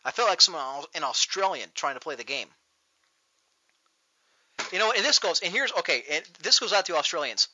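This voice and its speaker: A man hosting a show, ranting loudly and profanely in a mocking tone, recorded on dull lo-fi audio. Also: a little high, expressive, moderate pace, pauses often, dry recording. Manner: loud, profane, mocking rant. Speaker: podcast host. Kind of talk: ranting comedic talk show.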